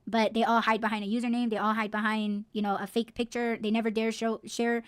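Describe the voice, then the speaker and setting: A woman's voice: a little high, little pitch movement, brisk, clean tone, dry recording, clean studio sound. Blunt, swearing woman podcast host. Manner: blunt, heated, swears freely. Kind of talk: casual podcast rant.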